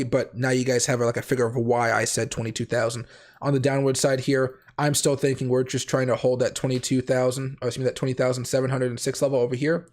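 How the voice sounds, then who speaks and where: Male livestream host, hoarse with a cold, rapid and rambling, self-correcting. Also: medium pitch, darkish tone. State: raspy voice from a cold. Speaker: crypto trading livestream host. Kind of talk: casual livestream chat.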